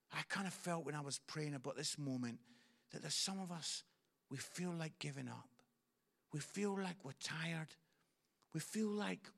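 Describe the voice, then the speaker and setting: A man preaching a sermon, going from hushed, tender lines to loud, shouted bursts. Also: on the high side, gravelly. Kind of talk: sermon storytelling.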